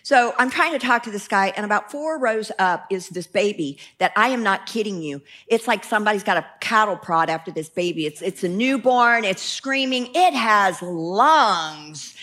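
A woman preacher telling a story in her sermon, animated and laughing often. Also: a little high.

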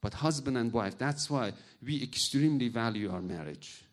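A man's voice: medium pitch, moderate pace. Man preaching. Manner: animated storytelling, acts out voices, non-native grammar. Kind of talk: sermon with personal stories.

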